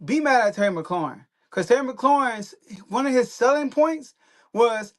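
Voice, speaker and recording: A man's voice: very high voice, lively intonation, moderate pace, no room sound, low-quality recording. Blunt emphatic man on a glitchy call. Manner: blunt, emphatic, repeats points. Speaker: sports show host. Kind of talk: casual sports talk. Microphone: video call with glitchy audio.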